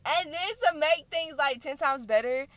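A young woman hosting a reaction channel, recapping a video in animated, chatty storytelling. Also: high-pitched, normal speed, dry recording. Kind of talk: casual recap vlog.

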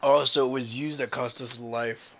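A man hosting a casual gaming chat, excitable and teasing, swearing a lot. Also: medium pitch, moderate pace, slight background noise. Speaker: gaming channel host.

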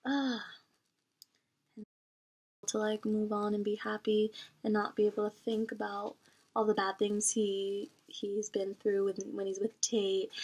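Young female vlogger, chatty and animated, mid-range voice, casual book talk to camera. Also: medium pitch. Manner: chatty and expressive, lots of "like" fillers. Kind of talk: casual book review chat.

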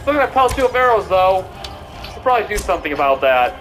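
A man's voice: high-pitched, very animated, quick pace, background noise. A young man giving casual, mocking commentary while playing a video game, often stammering and repeating himself. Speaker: gamer streamer. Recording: game music in background.

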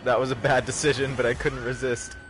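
A man's voice: medium pitch, fairly quick, faint music behind. Jokey young man narrating gameplay. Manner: jokey, excitable, sudden yelps. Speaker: livestream host. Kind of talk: casual gameplay commentary.

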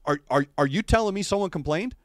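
A middle-aged man hosting a casual livestream chat, telling rambling, wry and animated stories into a streaming microphone. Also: sits high, fast talker, no room sound, clean studio sound. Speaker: show host. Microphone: adjustable streaming microphone.

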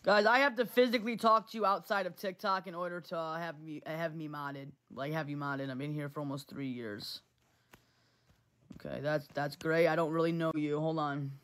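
Addressing her chat on a casual phone livestream, this female host gets heated and blunt, cursing freely and saying things over again. She speaks low-pitched at normal speed, with fairly even intonation and a bit of brightness.

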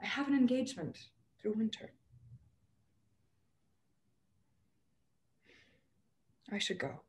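A young woman playing a troubled young actress in a stage drama over a video call, emotional and often dropping to a hushed near-whisper. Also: a little high, expressive, fast. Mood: weary. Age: young adult. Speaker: student actor. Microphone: video call microphone.

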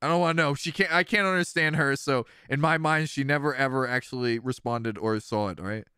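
A man's voice: medium pitch, a little fast, smooth, no echo, studio quality. A man in his thirties hosting a casual let's-play, joking with viewers and laughing often. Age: 30s. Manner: animated, jokey, laughs often. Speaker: streamer, let's-play host. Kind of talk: casual game commentary, chatting with viewers.

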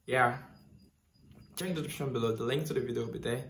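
A man's voice: medium pitch, quick pace, fairly bright tone. Man, reaction host, casual gushing talk, echoey room, faint background hiss. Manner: gushing, repeats himself, many "like" fillers. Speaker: music reaction channel host.

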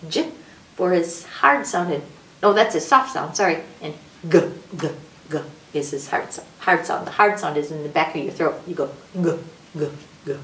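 A woman's voice: sits low, fairly quick, fairly bright tone, slight background noise. A woman hosting a children's story time, teaching alphabet rhymes and drawing out each letter's sound. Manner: sing-song, stretches out letter sounds. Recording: echoey room, picked up from a distance.

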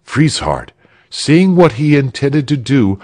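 Slow expressive male storyteller. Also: mid-range voice. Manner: measured, expressive reading. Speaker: narrator. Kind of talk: storybook read-aloud for English learners.

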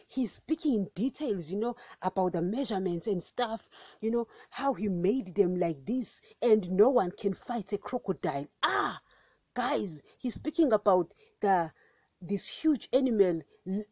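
A woman's voice: mid-range voice, mellow, husky, dry recording. A woman hosting a Christian podcast, preaching with fervent emphasis and calling her listeners "guys".

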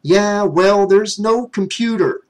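A man's voice: sits high, expressive, slow pace, a bit bright, voice pushed up, heavily acted. A man voicing a frustrated young man who complains with exasperation and sarcasm. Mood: sarcastic.

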